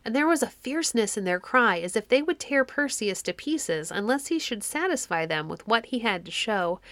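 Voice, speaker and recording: A woman reads a classic children's tale aloud, measured and expressive. Her voice sits at a middling pitch and is recorded dry and close, with no room around it. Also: no room sound. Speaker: audiobook narrator. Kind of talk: storybook narration.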